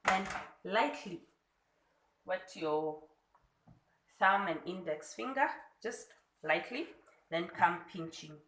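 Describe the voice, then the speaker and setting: A woman from Kenya with a Kenyan accent, a food blogger calmly walking through a cooking tutorial step by step in her home kitchen. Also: fairly low pitch, roomy sound, slight background noise, poor audio. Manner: unhurried, demonstrating step by step.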